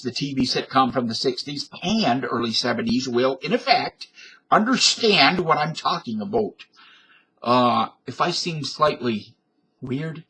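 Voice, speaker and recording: A man's voice: medium pitch, fairly bright tone, slightly rough. A man in his fifties or sixties talking into a webcam at home in a folksy, digressive monologue that wanders and often corrects itself. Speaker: vlogger. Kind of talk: rambling casual monologue.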